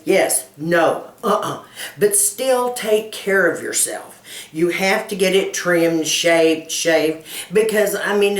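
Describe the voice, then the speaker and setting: A woman in her fifties, a lifestyle coach chatting with her viewers, folksy and animated, laughing often as she tells stories. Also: deep voice, reverberant, distant mic. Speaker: lifestyle coach and channel host. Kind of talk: casual chat answering viewer questions.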